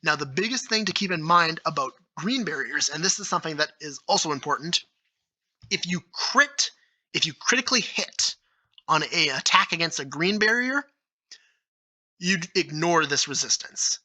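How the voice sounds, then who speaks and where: A man talking solo as a video creator, explaining his own tabletop game rules with eager enthusiasm, thinking out loud with fillers and restarts. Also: on the high side, animated, normal speed, poor audio. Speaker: YouTube creator.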